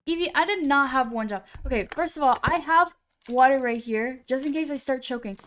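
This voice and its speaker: A woman live-streams her gameplay, talking to viewers in a loose, rambling way and joking at her own expense. Her voice sits a little high and comes across smooth and clean. She speaks into a computer streaming mic. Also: a little fast, a bit bright. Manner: chatty, rambling, self-deprecating. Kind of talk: casual gaming live-stream chat.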